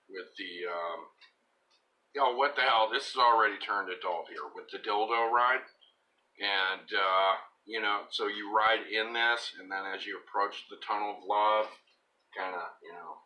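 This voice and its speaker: A man's voice: on the low side, pushed and bright, poor audio. A man hosting a casual live show, reading out viewer comments and rambling with lots of fillers and giggles.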